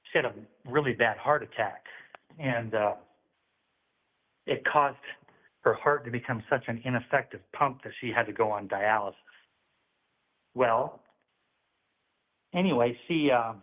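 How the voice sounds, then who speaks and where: A man's voice: medium pitch, unhurried, long pauses. A man calling in, telling a religious testimony in an earnest, preachy storytelling manner. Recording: phone-line audio.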